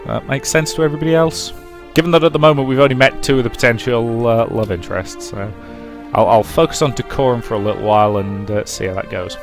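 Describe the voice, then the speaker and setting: A man's voice: mid-range voice, fast, gravelly, hardly any pauses, faint music behind. A man from Durham, England, chatting while playing a game. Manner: chatty, rambling, self-deprecating asides. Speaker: let's play host. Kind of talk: game commentary and reading aloud.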